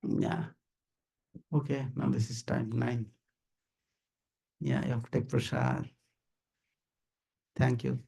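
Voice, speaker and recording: At a house gathering, a visiting swami with an Indian accent talks informally to a small group in a mellow, gravelly, husky medium-pitched voice. He speaks slowly with little pitch movement and frequent pauses, repeating himself emphatically, chuckling often, and asking listeners "you understand?"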